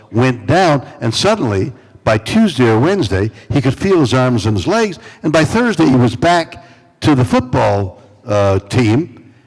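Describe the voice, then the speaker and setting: A man in his eighties, a celebrity guest at a fan convention, tells stories with dramatic pauses and playfully teases fans. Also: mid-range voice, darkish tone. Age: 80s. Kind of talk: animated storytelling on stage. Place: large convention hall. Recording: long hall reverb from a convention stage.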